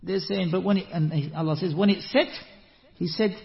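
High-voiced man teaching in an echoey hall. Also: normal speed, vocal fry. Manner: animated, with rising rhetorical questions. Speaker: Islamic teacher. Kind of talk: religious lesson with Quran recitation. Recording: echoey hall, muffled lo-fi sound.

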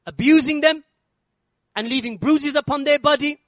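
A man with a strikingly high voice delivers a religious lecture, pressing each point home with emphatic repetition. The recording is dull and lo-fi, with a dry, close sound and no room echo. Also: fairly quick. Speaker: Islamic lecturer.

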